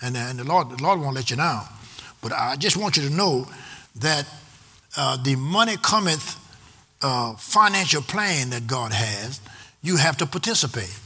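A man preaching a sermon, prompting the congregation to answer back and reading scripture aloud in a slow, stressed cadence. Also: mid-range voice, animated, sharp tone, husky. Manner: exhorting with call-and-response to the congregation. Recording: long hall reverb.

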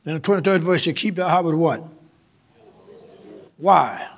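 A man's voice: fairly high pitch, measured pace, a little hiss or hum. A male pastor, preaching a sermon that swells in emphasis, with repetition and calls out to the congregation.

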